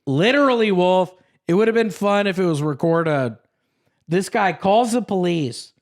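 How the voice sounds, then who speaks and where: A man's voice: sits high, expressive, measured pace. A young man, a podcast co-host, telling a rambling story in casual chat and swearing freely.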